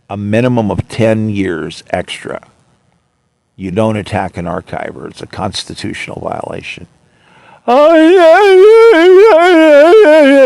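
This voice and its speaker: A man's voice: lowish voice, creaky, no echo. A man hosting his own podcast, ranting indignantly and retelling his arguments with officials. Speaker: podcast host. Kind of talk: monologue.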